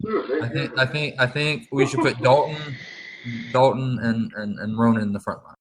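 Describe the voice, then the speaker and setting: A man's voice: mid-range voice, fairly even intonation, moderate pace, crowd noise. A man playing a tabletop game who plans the party's tactics and often repeats words as he thinks. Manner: strategizing, stumbles over repeated words. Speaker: player. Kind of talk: casual tabletop play.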